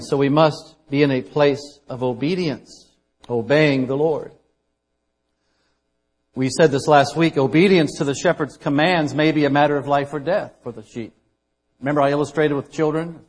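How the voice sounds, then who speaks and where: Male pastor, slightly higher voice, casual preaching, loud emphasis dropping to soft asides. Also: moderate pace. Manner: conversational preaching, dynamic loud and soft swings. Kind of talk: sermon.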